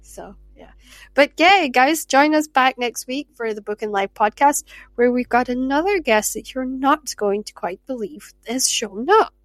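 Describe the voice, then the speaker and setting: A woman's voice: high-pitched, lively intonation, normal speed, dry recording. A woman hosting a podcast, chatting casually and effusively with her guest. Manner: chatty, effusive, laughs easily. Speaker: podcast host. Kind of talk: casual interview chat.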